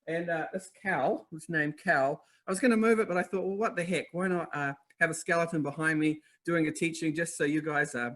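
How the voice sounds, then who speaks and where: A man with a New Zealand accent hosting a live online masterclass, upbeat and energetic, talking straight to viewers in chat. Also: fairly high pitch, brisk, few pauses. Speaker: webinar host.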